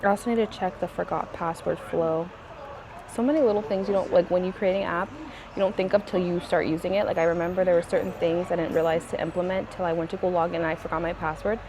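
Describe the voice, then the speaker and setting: A young woman in her twenties vlogging casually, emotional and excitable, gushing over her new app. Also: lowish voice, quick pace, crowd noise. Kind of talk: casual vlog chat.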